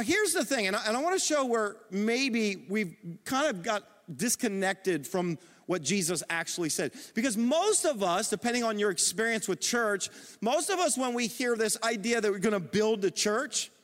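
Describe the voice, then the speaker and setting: A middle-aged man preaching a sermon as pastor, animated and calling on the congregation to respond. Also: sits high, moderate pace. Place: church auditorium. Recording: long reverb of a large hall.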